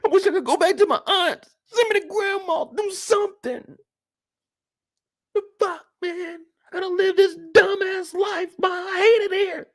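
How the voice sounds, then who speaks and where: A man acting out a furious teenage boy who yells at his mother in a high, strained voice with sobbing outbursts. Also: a little slow. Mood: anguished.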